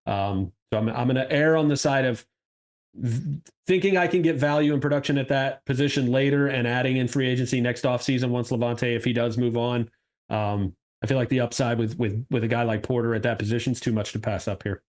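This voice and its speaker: Casting: male podcast guest, draft analyst, mid pitch, quick restarting delivery. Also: steady tone. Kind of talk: casual podcast chat.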